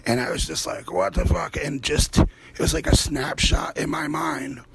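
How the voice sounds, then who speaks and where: A man's voice: a little high, fairly even intonation, a little slow, vocal fry, background noise. A man hosting his own art show, talking in a rambling, profane, casual monologue while he paints and drifting from one aside to the next. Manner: rambling, profane, swears freely; drifts between topics in loose asides. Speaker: artist and show host.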